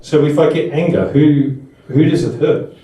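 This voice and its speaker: A man's voice: fairly high pitch, normal speed, dark tone, recorded from a distance. Man talking in an echoey room. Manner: conversational and anecdotal, with frequent restarts. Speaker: speaker at a Buddhist seminar. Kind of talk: talk to a live audience. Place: room with an audience.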